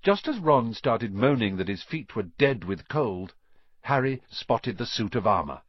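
A man narrating a story in an expressive reading voice, dropping to a hush at quiet moments. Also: medium pitch, measured pace, dry recording, muffled recording. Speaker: audiobook narrator.

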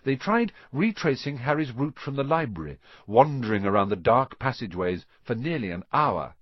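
A man narrating a story in an expressive reading voice, dropping to a hush at quiet moments. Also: mid-range voice, normal speed, no room sound, lo-fi sound. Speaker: audiobook narrator.

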